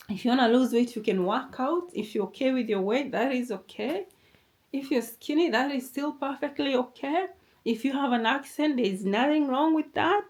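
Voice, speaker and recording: A woman's voice: high-pitched, a little mellow. Emphatic accented woman giving a pep talk. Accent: non-native English accent. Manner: emphatic, repetitive, calls listener darling. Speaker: motivational vlogger. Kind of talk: motivational talk to camera.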